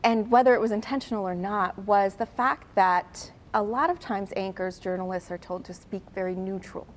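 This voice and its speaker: A woman's voice: medium pitch, moderate pace, slight background noise. A woman host interviewing a guest, encouraging him with frequent agreeing interjections.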